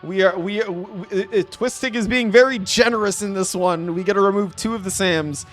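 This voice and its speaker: A young man streaming a game live, chatting to his viewers in an excitable, playful way. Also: high voice, fairly quick, faint music behind. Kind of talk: live game commentary with chat.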